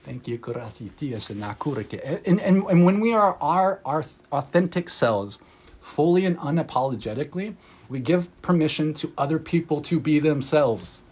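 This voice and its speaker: A man talking into his phone on a casual livestream, his voice sitting a touch high. He rambles loosely, full of "like," laughs often and swears freely when he gets fired up. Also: expressive, moderate pace, darkish tone. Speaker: energy healer.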